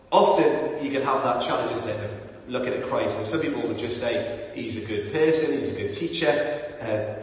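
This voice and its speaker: A man preaching a sermon in an earnest, conversational way, with frequent ums and restarts. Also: medium pitch. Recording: roomy, echoey hall, mic at a distance, dull sound.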